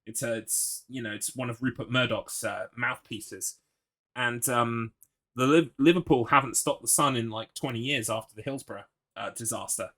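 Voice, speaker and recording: A man's voice: mid-range voice, moderate pace, sharp tone. A man streaming a horror game, chatting with his audience in a rambling, swear-prone way. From United Kingdom. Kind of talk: gaming livestream commentary.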